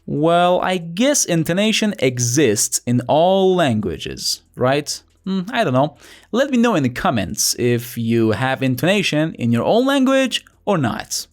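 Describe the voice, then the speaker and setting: A man's voice: fairly high pitch, big pitch swings, unhurried. Playful young man teaching a lesson. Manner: playful, chatty, asks rhetorical questions. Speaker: language teacher. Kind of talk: scripted lesson narration.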